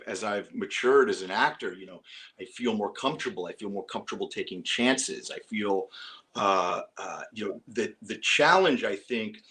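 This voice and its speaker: A middle-aged man, an actor, talking casually in an interview, animated and full of restarts. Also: fairly low pitch. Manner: animated storytelling with frequent restarts. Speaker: actor guest.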